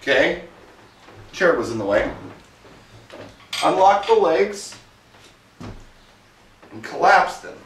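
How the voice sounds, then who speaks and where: Slowly, with long pauses, a mobile DJ talks himself through setting up his gear, chatty and mildly funny, a bit out of breath from lifting. His voice is on the high side, very animated and fairly bright. Faint hiss and an echoey room come through a far-off mic.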